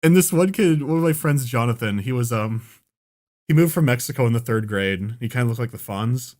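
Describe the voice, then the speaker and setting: Animated, profane young man telling a story. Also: mid-range voice, fairly quick. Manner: animated, profane, breaks into laughter. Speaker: podcast co-host. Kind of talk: casual storytelling chat.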